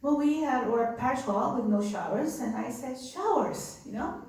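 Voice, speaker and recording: A nun with a gravelly, darkish voice on the high side recounts stories from her migrant respite center at a moderate pace. She is earnest and conversational, using many fillers, and the audio comes from far off in an echoey room with faint ambience.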